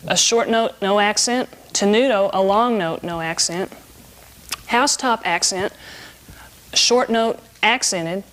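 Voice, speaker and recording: A woman of middle age walks students through a saxophone lesson with clear, patient explanation. Her voice sits at a mid pitch for a woman, and she speaks in a steady instructional tone. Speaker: saxophone teacher.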